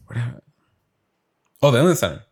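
A man's voice: mid-range voice, sing-song, fast talker, husky. A young man casually telling a story on a podcast, rambling with lots of fillers and swearing. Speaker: podcast host. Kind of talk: casual chat.

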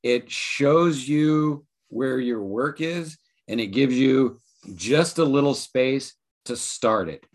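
A man with a mid-range voice talks in a casual podcast conversation. He is thoughtful and reflective, and speaks at an unhurried pace. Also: medium pitch.

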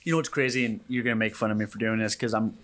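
A man's voice: fairly low pitch, steady tone, very fast, a bit bright. A man hosting a podcast, earnest and motivational, acting out quotes in his stories. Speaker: podcast host. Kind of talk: casual podcast chat.

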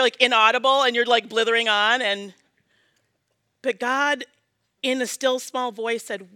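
A woman in her forties preaching a sermon as pastor, earnest and personal, often dropping to a soft prayerful hush. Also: on the high side, fairly even intonation, normal speed, dry recording. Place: church sanctuary.

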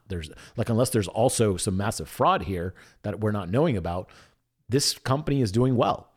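A young man telling a story in a casual monologue, with a voice that rises and falls a great deal. He drops into quiet asides and then bursts out in excited shouts. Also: fairly low pitch.

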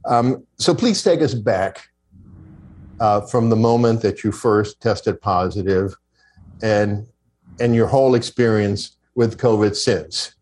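A man with a lowish voice hosts an interview. He speaks courteously and hands the floor to his guest. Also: slow, a little mellow. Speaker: host.

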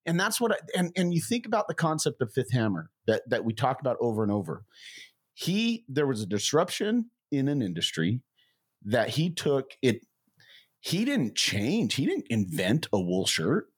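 A man's voice: huge pitch swings, moderate pace, slightly rough. A man co-hosting a podcast, chatting casually with emphatic energy. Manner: emphatic, swooping pitch. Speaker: podcast co-host. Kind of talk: casual chat.

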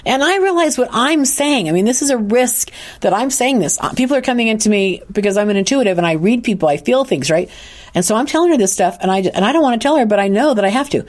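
A woman's voice: mid-range voice, fast talker. A woman who works as an intuitive counselor, earnestly telling a personal story on a podcast and often restarting her sentences. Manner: earnest, animated retelling with frequent restarts.

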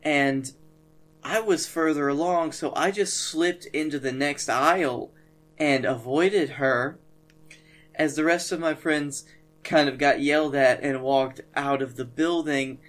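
A man, co-hosting a podcast and telling stories in a dry, deadpan way. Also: a little high, a little slow. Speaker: podcast co-host. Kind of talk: casual comedic storytelling.

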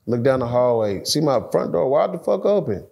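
A man telling a story in casual, profane, animated talk, acting out the voices of the people in it. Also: mid-range voice, normal speed, vocal fry. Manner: profane, animated retelling, acts out quoted voices.

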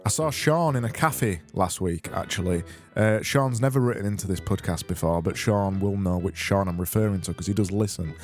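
A man's voice: deep voice, brisk, hardly any pauses, soft background music. Rambling man hosting a podcast. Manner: rambling, self-mocking, sweary. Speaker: podcast host. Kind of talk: casual solo podcast chat.

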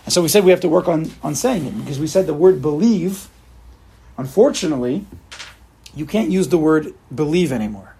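Gravelly-voiced man teaching a Torah class. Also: fairly high pitch, animated, a little fast, warm tone. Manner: repetitive restarts, rhetorical questions, mixes Hebrew terms. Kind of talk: casual spoken Torah class.

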